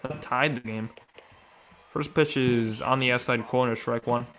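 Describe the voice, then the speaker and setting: A man giving casual live baseball play-by-play, chatting with viewers and reacting excitedly between pitches. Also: a little slow, slight background noise. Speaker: live sports commentator.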